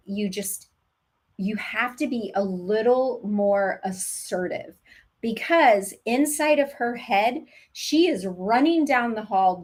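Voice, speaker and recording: Woman, labor nurse, direct animated coach, middle-pitched voice, talks straight to parents. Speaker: labor nurse and childbirth educator. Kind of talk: casual live teaching to expectant parents.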